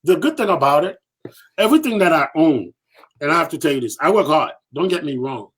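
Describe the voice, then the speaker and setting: A man guest on a podcast telling a personal story, lively and repetitive, acting out what others said. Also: a little high, fairly quick, husky. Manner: lively, acts out quoted voices, repeats himself for emphasis. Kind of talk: animated storytelling.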